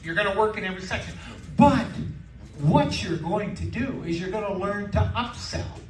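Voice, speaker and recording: A man's voice: high voice, animated, normal speed, far from the mic. A man doing a stern male store manager. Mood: stern lecturing. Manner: strict, lecturing. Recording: roomy live club sound with crowd noise.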